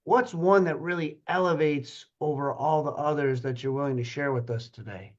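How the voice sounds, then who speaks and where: A man's voice: fairly high pitch, moderate pace, lo-fi sound. A man hosting a podcast, asking a guest questions in a rambling, casual way while searching for words. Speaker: podcast host.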